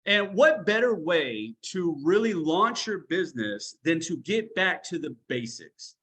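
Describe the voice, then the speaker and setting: A man runs an online training session over a video call, his voice pitched a little high and forcefully bright. He talks a lot and bluntly, pushing his listeners with tough love. The sound is a plain call microphone. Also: very animated, a little slow, breathy edge.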